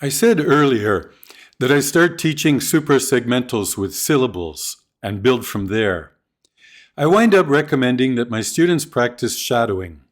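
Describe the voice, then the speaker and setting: Man, mid-pitch, scripted teacher-training narration; slows down to model example phrases clearly. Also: lively intonation.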